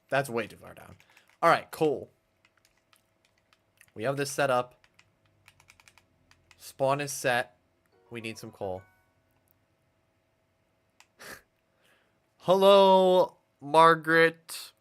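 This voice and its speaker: A man's voice: mid-range voice, animated, takes it slowly, gravelly, long pauses, a bit bright. A man streaming a game, chatting casually and nostalgically while he thinks aloud. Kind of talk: casual gameplay commentary. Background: faint game music.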